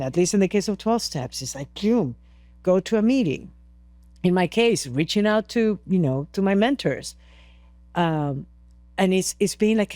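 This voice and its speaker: A woman's voice: mid-range voice, mellow, dry recording. Earnest woman guest, dry close sound. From Peru. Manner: earnest, emotional retelling with many restarts. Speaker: interview guest. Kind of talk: podcast interview storytelling.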